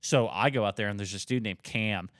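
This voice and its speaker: A man in his twenties on a podcast, telling a story in casual chat, animated, heavy on swearing and fillers. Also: lowish voice, fairly quick, no echo, clean studio sound. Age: 20s. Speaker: podcast co-host.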